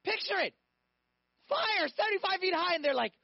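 A man with a very high voice preaches a sermon, telling stories animatedly and firing questions at his listeners. The recording is dry and a little dull. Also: moderate pace, creaky, no echo. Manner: animated storytelling, acting out voices, asks audience questions.

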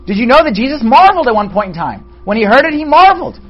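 A Bible study teacher leading a class in an animated way, asking and answering their own rhetorical questions and joking with the group. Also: mid-range voice, quick pace. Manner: jokes with the group. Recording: dull lo-fi recording.

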